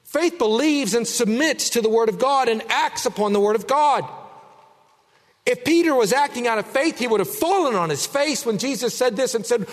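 A man preaching a sermon, emphatic, dropping low and quiet then rising loud. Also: animated, moderate pace, in a large hall.

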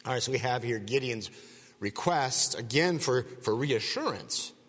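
A man's voice: mid-range voice, lively intonation, a little slow, a bit bright, breathy edge, in a large hall. A man giving a verse-by-verse Bible teaching, talking conversationally and digressively, often checking in with the listeners with rhetorical asides.

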